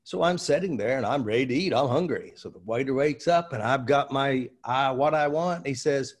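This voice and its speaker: A man from the United States, a seminar trainer explaining ideas through lively anecdotes in conversation. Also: medium pitch, brisk, hardly any pauses. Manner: animated anecdotal delivery with fillers.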